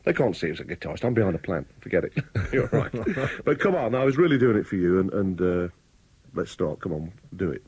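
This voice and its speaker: A man chatting on the radio as the weekly guest, animated and teasing as he tells stories. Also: deep voice, fairly quick, husky, no echo. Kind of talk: comic radio chat. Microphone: studio microphone.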